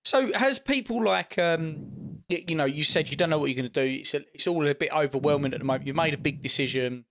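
A man's voice: fairly high pitch, quick pace, fairly bright tone, no echo. A man co-hosting a casual comedy podcast, playful, asking questions with stumbling restarts. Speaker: podcast co-host. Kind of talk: casual chat.

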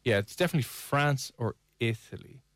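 A man's voice: medium pitch, expressive, fairly quick, fairly bright tone, no room sound. An Irish man co-hosting a radio show, joking and teasing in playful banter. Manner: teasing, puts on silly voices. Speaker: radio co-host.

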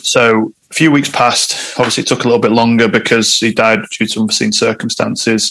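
A man's voice: mid-range voice, level tone, brisk, fairly bright tone, low-quality recording. A man, a guest telling a personal story in conversation, candid and reflective.

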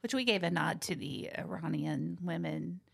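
A woman's voice: lowish voice, moderate pace, gravelly, slightly rough. A woman co-hosting a podcast, making dry, sarcastic asides in casual chat. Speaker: podcast co-host.

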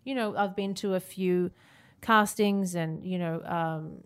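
A young Australian woman talking as an interview guest, chatty and quick to laugh, with lots of fillers and restarts. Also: lowish voice, smooth. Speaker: guest, reality-show dancer. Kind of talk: casual interview chat.

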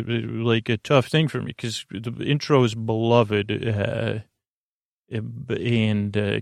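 A man hosting a sleep podcast, reading listener reviews aloud in a halting way, with many ums and restarts. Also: medium pitch, creaky, dry recording, clean studio sound. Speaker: podcast host.

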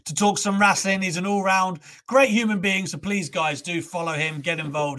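A young man hosting a casual wrestling talk show, animated, ranting and swearing freely. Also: sits high, normal speed, hardly any pauses, faint music behind. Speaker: host.

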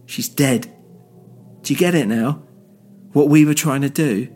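A man's voice: mid-range voice, unhurried, darkish tone, faint music behind, voice pushed up, lightly acted. A man voicing a defiant, grieving young woman who speaks bluntly in a single-voice audio drama. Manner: raised, pressing, blunt.

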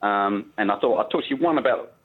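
A man calls in to a talk radio show and explains his point at length, with plenty of fillers along the way. His voice is low and husky. The call comes through muffled and dull. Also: animated, fast. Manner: chatty, explanatory, many fillers. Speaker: caller. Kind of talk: phone-in call. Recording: muffled phone line.

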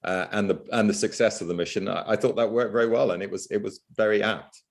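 Brief: historian, man, low voice, measured podcast guest with a lot of uh and you know. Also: fairly even intonation, gravelly. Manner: knowledgeable, fills gaps with uh and you know. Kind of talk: podcast film discussion.

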